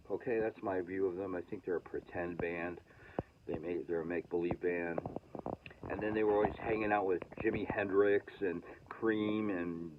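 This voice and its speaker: A man from New England rambling in a casual self-mocking monologue, with many hesitant fillers. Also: lowish voice. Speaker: vlogger. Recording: tinny, lo-fi, noisy.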